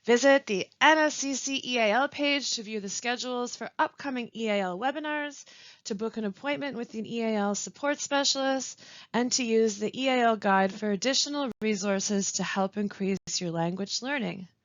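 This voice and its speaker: Woman giving a slow, careful pronunciation lesson. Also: a little high, no room sound, muffled recording. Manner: slow, carefully stressed reading of example sentences. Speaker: language support instructor.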